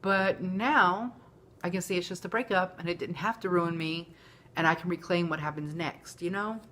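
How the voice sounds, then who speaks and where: A woman's voice: fairly low pitch, normal speed, a bit bright, a little hiss or hum. A woman, talking candidly and emotionally in a rambling personal vlog. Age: 40s. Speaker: vlogger. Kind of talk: casual confessional vlog.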